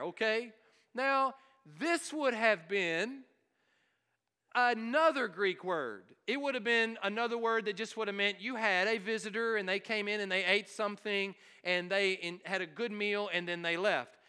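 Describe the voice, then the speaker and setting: A man preaching, his voice pitched very high and pushed out with forceful energy. His tone is smooth and resonant as he keeps firing questions at the congregation. The sermon rings through a church hall with a long reverb. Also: a little slow. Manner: emphatic, asks the congregation questions. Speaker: pastor.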